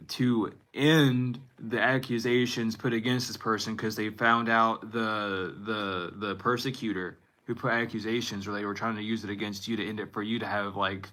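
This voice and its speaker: A man's voice: fairly low pitch, fairly bright tone. A man in his twenties giving a casual, rambling spiritual reading to viewers, often cutting himself off and laughing at himself. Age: 20s. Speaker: tarot reader.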